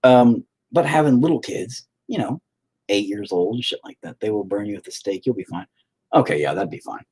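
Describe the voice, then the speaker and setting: Young male streamer, low husky voice, lively swings in pitch, rambling and profane. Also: a little fast. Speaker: livestreamer painting while chatting. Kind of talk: casual stream chat. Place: home, indoors.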